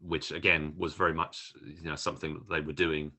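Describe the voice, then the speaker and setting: A man's voice: extremely low pitch, little pitch movement, fairly quick, bright, forceful tone. A man co-hosting a film podcast, chatting casually and rambling with many restarts. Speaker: podcast co-host. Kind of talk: casual film review chat.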